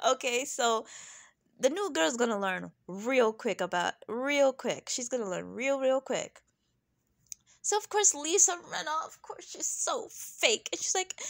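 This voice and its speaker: A young woman talks through a reality TV episode in a loose, chatty vlog style. Her voice sits high, and she is sassy and animated, breaking into laughing asides. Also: unhurried. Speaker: reality TV recap vlogger. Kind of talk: casual chatty commentary.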